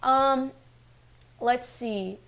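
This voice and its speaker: A woman's voice: on the high side, extremely slow, fairly bright tone. A woman in her twenties hosting a streamed local news show, talking in a chatty, personal way with many fillers. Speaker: news host. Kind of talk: casual live-stream news chat.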